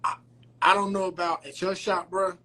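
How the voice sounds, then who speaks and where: A man speaking earnestly in a casual podcast conversation. His voice is high for a man and husky. He talks in short fragments and leans on "bro" between them. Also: little pitch movement, moderate pace, pushed and bright. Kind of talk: casual chat. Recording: phone-streamed live chat.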